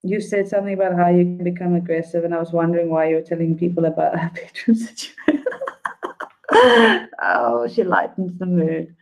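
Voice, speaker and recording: A woman's voice: lowish voice, fairly even intonation, quick pace, vocal fry, a little mellow, low-quality recording. A woman vlogger chatting on a live stream, rambling and heartfelt with lots of fillers. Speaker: YouTube vlogger. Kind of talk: casual live-stream chat.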